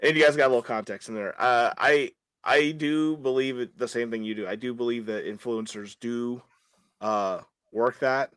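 A man hosting a casual podcast chat, rambling through an animated, opinionated rant with many restarts. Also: medium pitch, normal speed, clear, resonant tone, no echo. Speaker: podcast host.

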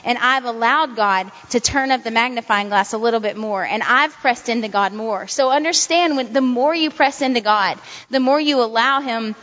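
A woman's voice: fairly high pitch, moderate pace, fairly bright tone. A woman giving informal devotional teaching as a Christian speaker, talking in an earnest, repetitive, conversational way. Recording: dull sound in a reverberant hall.

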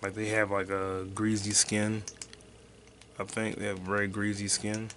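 A man hosting a solo podcast, rambling loosely and profanely, with sudden loud excited bursts. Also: fairly low pitch, measured pace, a little hiss or hum. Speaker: podcast host and stand-up comic.

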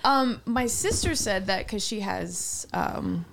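A woman co-hosting a podcast, telling a story in casual chat with animated delivery and frequent laughter. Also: mid-range voice, takes it slowly, creaky, a loud crowd.

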